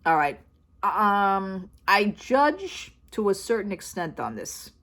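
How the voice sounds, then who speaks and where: A woman's voice: medium pitch, big pitch swings, slow pace, fairly bright tone. Chatty, blunt woman vlogger telling a story. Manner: chatty, retells conversations with constant "she says"; blunt, down-to-earth. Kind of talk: casual storytelling vlog.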